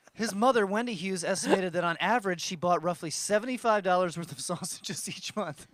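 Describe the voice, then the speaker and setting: A man's voice: high-pitched, brisk, dry recording. A male podcast host casually reading out news stories, joking and stumbling over his words.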